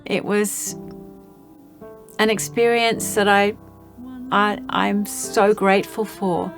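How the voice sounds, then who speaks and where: A woman's voice: medium pitch, fairly even intonation, takes it slowly. A singer-songwriter, a woman, looking back on making her album in an earnest, grateful way. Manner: earnest, grateful, heartfelt storytelling. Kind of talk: reflective promo narration. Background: faint music.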